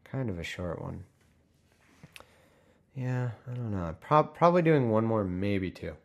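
A man with a somewhat low voice reads a long list aloud for his listeners, yawning often, his throat getting scratchy. He keeps breaking off into wry, sarcastic commentary, playing the helpful guide with mock enthusiasm. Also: expressive, unhurried, lo-fi sound. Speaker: podcast host reading the Bible aloud. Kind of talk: casual reading with sarcastic asides.

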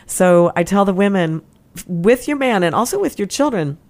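A woman counselor talking as a guest in an interview, energetic and chatty, with many asides and restarts. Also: mid-range voice, normal speed. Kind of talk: casual interview chat.

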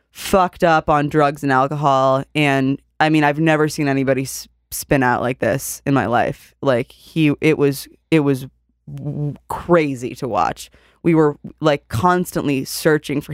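A woman's voice: low voice, clear, resonant tone, no echo, studio quality. A young woman co-hosting a casual chat, telling stories in a rambling way with lots of fillers and swearing. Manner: rambling storyteller, heavy filler "like", swears freely. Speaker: podcast co-host.

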